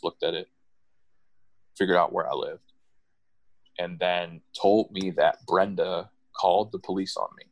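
A middle-aged man from the United States telling personal stories in casual conversation, animated and often repeating or restarting words. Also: no echo. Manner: animated, acts out quoted voices with jumps in pitch.

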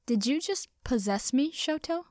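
A woman's voice: sits high, lively intonation, measured pace, a little mellow, dry recording, clean studio sound, pitched above the performer's own voice. A woman voicing a pompous, formal young man who speaks with stiff precision. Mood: startled.

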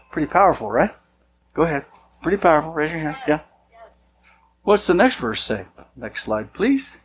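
A man's voice: medium pitch, fairly bright tone, a little hiss or hum, low-quality recording. A man, a senior church leader, preaching a sermon in a casual, conversational way, sometimes acting out the voices of people he quotes. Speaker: pastor.

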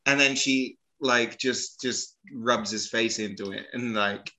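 A man co-hosting a casual film discussion, halting and repeating words, often checking for agreement. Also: medium pitch, steady tone, sharp tone, poor audio. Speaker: podcast co-host.

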